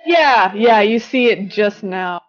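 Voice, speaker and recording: A woman's voice: mid-range voice, lively intonation, takes it slowly, dull audio. Laid-back woman game master. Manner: casual, laughing, swears freely. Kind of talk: narrating a tabletop game.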